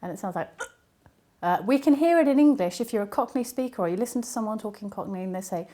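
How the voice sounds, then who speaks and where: A woman linguist answering interview questions, explaining patiently with frequent ums and pauses. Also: mid-range voice, warm tone. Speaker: linguist and university academic.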